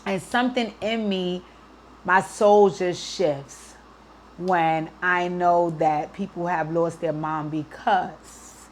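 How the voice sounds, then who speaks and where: A woman's voice: on the low side, fairly even intonation, slow, slight background noise. A woman hosting an advice show, speaking earnestly and emotionally to a worried mother, close to tears at times and often checking in with "right?". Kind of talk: heartfelt advice talk to a listener.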